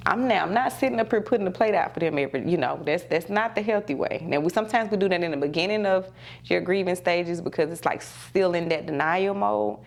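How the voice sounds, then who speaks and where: A woman therapist, speaking in a low register with a gravelly edge. She talks candidly and conversationally, repeating key phrases for emphasis. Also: fairly quick. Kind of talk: casual talk show advice.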